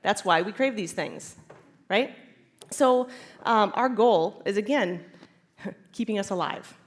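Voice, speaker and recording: A chiropractor speaking at a conference before a live audience, animated and laughing often as she acts out inner voices. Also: mid-range voice, slow. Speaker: chiropractor giving a conference talk. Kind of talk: lively conference talk.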